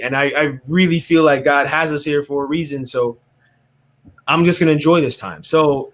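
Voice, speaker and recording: At a moderate pace, a slightly high-voiced man recounts his faith testimony as an interview guest. Animated and casual, he keeps tagging "right?" onto his lines and performs the voices of people he mentions.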